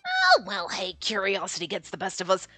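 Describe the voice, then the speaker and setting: A woman reading a calm, wry, teasing young man's lines aloud in a lowered, matter-of-fact voice. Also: moderate pace, slightly rough, faint music behind, heavily acted. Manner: low, even, matter-of-fact.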